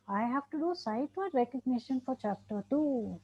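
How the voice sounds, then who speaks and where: In a muffled, dull lecture recording, a special education trainer with an Indian English accent emphatically addresses teachers and parents, repeating her points. Her voice sits high and is expressive and slightly rough, at a normal speed.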